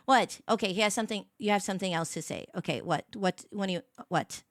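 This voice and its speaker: A woman's voice: medium pitch, normal speed, no echo, studio quality. A woman hosting a casual morning livestream, rambling and giggling as she chats with viewers and her dog. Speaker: livestream host.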